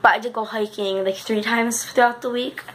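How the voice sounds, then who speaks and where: A woman's voice: on the high side, steady tone, normal speed, a bit bright. Chatty woman vlogger, rambling. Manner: chatty, says "guys" constantly, rambling with restarts. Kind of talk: casual vlog chat.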